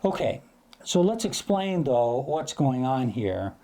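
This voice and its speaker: A man's voice: medium pitch, big pitch swings, takes it slowly, dark tone. A man teaching astrophotography in a loose, chatty way, sometimes imitating sounds to make a point. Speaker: astrophotography educator. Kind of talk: casual explanatory lesson.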